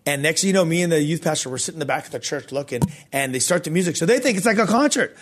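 A man hosting a podcast, telling a faith story in a loose, animated, slangy way with many fillers. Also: fairly high pitch, very fast, slight background noise. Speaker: podcast host. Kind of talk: casual storytelling testimony.

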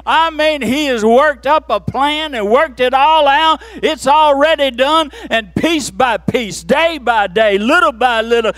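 A man preaching a sermon in church, swinging from low murmurs to shouted peaks with playful asides. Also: unhurried, few pauses. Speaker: pastor.

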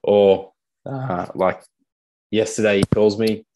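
A man's voice: sits low, fairly even intonation, moderate pace, gravelly, mellow, a little hiss or hum. A young man speaking candidly as a podcast guest, blunt, swearing casually and calling people mate. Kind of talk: candid conversational storytelling.

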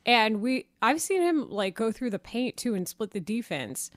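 Lively woman co-hosting sports radio. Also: on the high side, normal speed, no echo, studio quality. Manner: lively, laughing, questioning. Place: radio studio. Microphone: studio mic.

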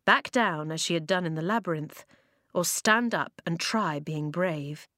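Woman reading a story, low and dry. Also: moderate pace, sharp tone, no room sound. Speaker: audiobook narrator. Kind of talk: scripted narration.

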